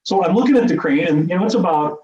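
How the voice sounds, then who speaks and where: A middle-aged man tells a story from a stage at a rapid clip, his voice warm and mellow. He talks with animated, self-deprecating humor. The sound is echoey, distant and a bit dull, as if picked up by a room mic. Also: high-pitched. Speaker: speaker at a meeting. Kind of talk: personal storytelling speech. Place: meeting room.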